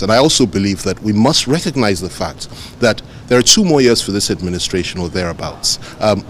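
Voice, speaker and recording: A man with a Nigerian accent, a politician answering reporters' questions outdoors in a measured, emphatic way, repeating phrases for stress. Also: lowish voice, slight background noise. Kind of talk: press interview answers.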